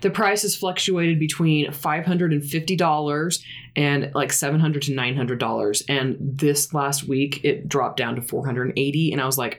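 A woman's voice: low voice, moderate pace. Chatty woman co-hosting a podcast. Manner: chatty, laughs often. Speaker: podcast co-host. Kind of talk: casual chat.

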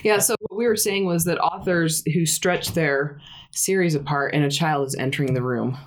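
A woman's voice: low-pitched, moderate pace, a little hiss or hum. A chatty woman in her thirties co-hosts a writing podcast. She talks in an easy, rambling way and laughs often. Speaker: podcast co-host. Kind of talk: casual chat.

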